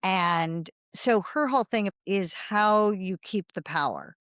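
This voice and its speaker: A woman's voice: medium pitch, expressive, slow, a bit bright, dry recording, studio quality. A woman in her fifties, a writer, telling a long, rambling anecdote in a casual interview, acting out quoted dialogue and laughing along the way. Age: 50s. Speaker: guest, writer.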